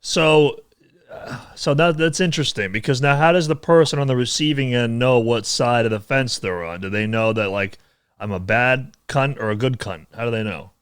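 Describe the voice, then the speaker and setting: Tired host, middle pitch, chatty and jokey, dry close sound. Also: male voice, moderate pace, a bit bright, clean tone, dry recording. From United States. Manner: rambling, jokey, many fillers. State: tired from an early morning. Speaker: podcast host. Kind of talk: casual chat over a video call.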